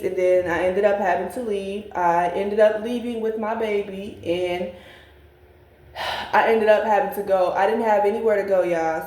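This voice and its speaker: A woman's voice: mid-range voice, darkish tone. Blunt young woman telling a storytime. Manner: candid, blunt and profane, addresses viewers as y'all. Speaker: vlogger. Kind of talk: personal storytime. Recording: echoey room.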